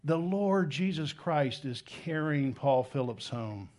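A pastor in his thirties delivers a sermon at a slow pace but with real energy, his fairly high voice rising on the big points. He's animated, sinking into soft, intimate tones for tender moments before surging back up loudly.

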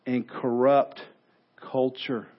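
A man pastor delivering a sermon, telling stories animatedly and moving between quiet points and loud exclamations. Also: mid-range voice, flat delivery, slow, muffled recording.

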